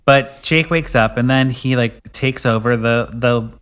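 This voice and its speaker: A man's voice: mid-range voice, measured pace, fairly bright tone, clear, resonant tone. A man hosting a podcast, casually retelling a movie's plot and quoting the characters. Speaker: podcast host. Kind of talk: casual movie recap chat.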